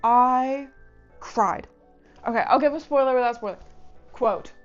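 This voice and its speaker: A woman's voice: high voice, a little slow, muffled recording, soft background music. A young woman hosting a book review vlog, chatting casually in a bubbly, gushing way with lots of "like" fillers. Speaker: book reviewer and channel host.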